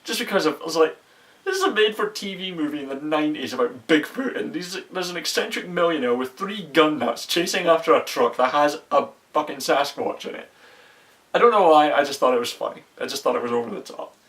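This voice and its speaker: A man's voice: fairly high pitch, animated, a little fast, a bit bright. A young man in a casual, profane movie review, rambling with restarts and often exasperated. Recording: voice a bit far from the mic.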